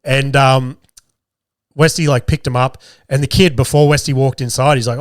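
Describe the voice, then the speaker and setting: A man's voice: mid-range voice, moderate pace, no echo, clean studio sound. Swearing Australian podcast host in his thirties. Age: 30s. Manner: swears constantly, animated and laughing while telling stories. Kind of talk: casual storytelling. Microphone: camera with podcast mic.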